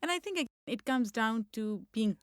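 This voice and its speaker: A woman's voice: on the high side, animated, moderate pace, smooth, no echo, clean studio sound. A middle-aged woman from Pakistan with a Pakistani accent, hosting a podcast interview in a conversational way. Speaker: podcast host.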